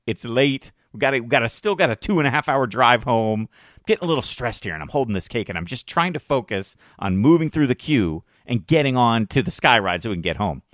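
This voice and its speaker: In a clean, dry studio recording, a thirty-something male podcast co-host spins a story in relaxed conversation at a fairly quick clip. His mid-range voice is lively as he performs the quoted voices of the people involved.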